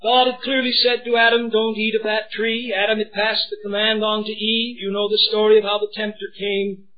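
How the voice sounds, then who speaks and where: High-pitched guy preaching a fiery sermon, loud then quiet, muffled old tape. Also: level tone, moderate pace, a little hiss or hum. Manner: impassioned, swings from hushed pleading to shouting.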